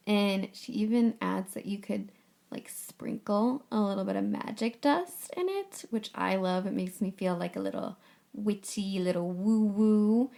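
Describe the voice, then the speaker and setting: A woman's voice: mid-range voice, gravelly, a little mellow. A woman hosting a casual solo podcast, talking in a chatty, upbeat and playful way with casual swearing. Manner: playful, breezy. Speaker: podcast host.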